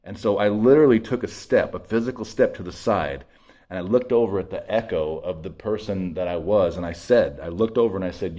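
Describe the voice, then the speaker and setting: A man sharing a raw personal testimony in a halting, emotional way, full of restarts and blunt swearing, shaky as he tells it. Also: low voice, mellow. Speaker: speaker sharing his story.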